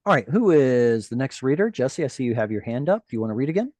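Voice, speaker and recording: A man teaching a Hebrew grammar class over a video call, animated and encouraging, with playful asides. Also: mid-range voice, fast talker, no echo.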